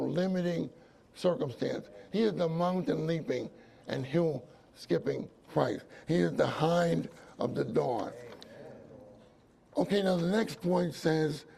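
A man's voice: on the high side, gravelly, darkish tone, slightly rough. A man preaching a sermon at a conference, emphatic and repeating phrases for stress.

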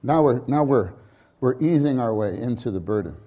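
A man preaching a sermon at a conference, unhurried and halting, with many restarts and sudden fervent rises. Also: mid-range voice, expressive, dark tone, muffled recording.

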